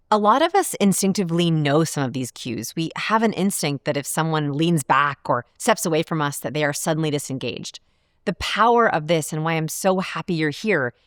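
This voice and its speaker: A woman researcher teaches to camera in a clear, measured way, slowing down on the points she wants to land. Her voice sits a little low for a woman. The sound is close and dry, with no room around it. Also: a bit bright, no echo. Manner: clear, measured explainer who slows down to stress key points. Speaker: behavioral researcher. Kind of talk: instructional talk to camera. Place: studio.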